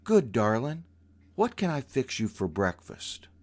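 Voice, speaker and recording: A man voicing a genteel older aunt who is sweet-voiced but iron-willed, speaking in drawn-out endearments and slow, firm commands. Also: mid-range voice, very animated, pitched above the performer's own voice. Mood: sweet coaxing.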